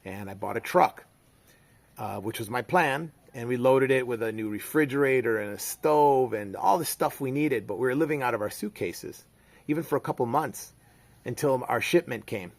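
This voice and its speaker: Middle-aged guy rambling thru a story, gravelly voice, lots of uhs and ums. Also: mid-range voice, moderate pace. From United States. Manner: rambling, with many fillers and restarts. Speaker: vlogger. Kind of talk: casual storytelling monologue.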